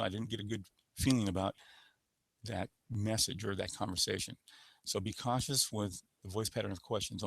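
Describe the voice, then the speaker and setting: A man's voice: on the low side, gravelly, slightly rough, dry recording. A man presenting a sales-skills webinar in a coaching manner, showing voice patterns with sample phrases. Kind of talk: instructional webinar talk.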